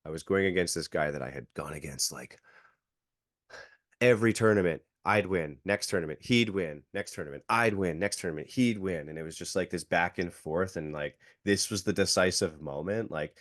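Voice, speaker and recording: Guy in his thirties, low voice, chatty storyteller who leans on "like" and acts out quotes. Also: normal speed, fairly bright tone, dry recording, studio quality. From Canada. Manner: filler-heavy, acts out quotes. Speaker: podcast guest, jiu-jitsu coach. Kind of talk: casual storytelling.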